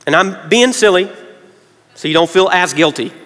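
High, bright-voiced preacher in a big hall. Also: male voice, animated, normal speed. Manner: earnest, drops to quiet tones when emotional. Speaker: pastor. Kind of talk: sermon. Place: large church hall. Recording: reverberant church hall.

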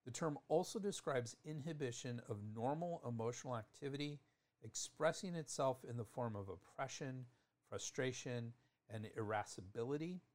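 A man's voice: medium pitch, moderate pace. A man teaching acupuncture terminology in a thoughtful lecture, often restarting phrases and spelling out terms.

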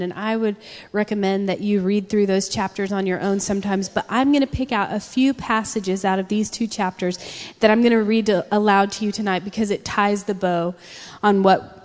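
A woman preacher giving a sermon with animated storytelling, acting out quotes. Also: medium pitch. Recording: long reverb of a large hall.

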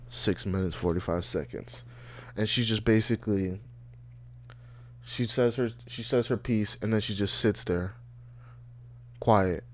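Solo podcast host, young man, low voice, rambling profane rant.

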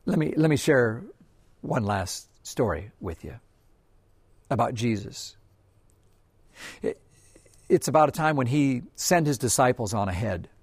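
Guy preaching gentle earnest sermon, middle pitch, dry close sound, goes real soft at times. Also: expressive, measured pace, pauses often, slightly rough, dry recording. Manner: earnest and gentle, often softening to a hush. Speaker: pastor. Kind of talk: devotional sermon.

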